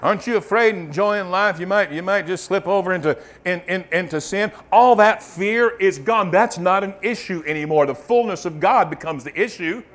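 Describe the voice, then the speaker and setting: A man preaching a sermon, swinging from loud fervent bursts to soft, murmured testimony. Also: sits high, normal speed, hardly any pauses.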